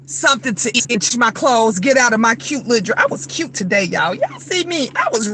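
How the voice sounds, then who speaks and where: Fifty-something woman venting to her viewers after work, high bright voice, blunt and animated, bit of car noise behind. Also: a little fast. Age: 50s. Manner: animated, frank and blunt, acts out quoted voices. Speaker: vlogger. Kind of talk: casual chat.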